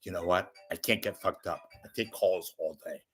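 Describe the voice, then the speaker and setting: A man's voice: sits low, moderate pace, fairly bright tone, husky. A man hosting a call-in show, talking in a casual, rambling monologue that is blunt, profane and full of wisecracks.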